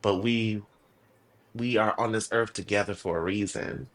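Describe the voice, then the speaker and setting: A man's voice: on the low side, moderate pace. A man who is a podcast guest, talking casually. He tells his stories with energy, swears freely, and speaks earnestly about how to live. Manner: animated storyteller, swears freely; earnest, preachy about life. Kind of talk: casual conversation.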